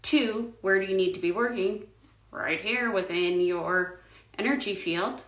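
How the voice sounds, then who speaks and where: A woman giving a spiritual coaching monologue, slow and emphatic, often sinking to a hushed whisper. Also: medium pitch, roomy sound.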